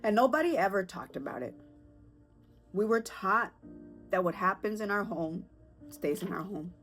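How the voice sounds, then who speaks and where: A woman in her thirties, perhaps with a lilt, hosting a personal podcast in an earnest, emotional way, with halting restarts and fillers. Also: medium pitch, expressive, a bit bright, soft background music. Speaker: podcast host.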